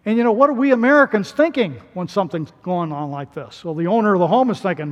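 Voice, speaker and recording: A male pastor delivering a sermon in an animated way, his voice rising to emphatic peaks. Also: high voice, fast, few pauses, lo-fi sound. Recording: long hall reverb.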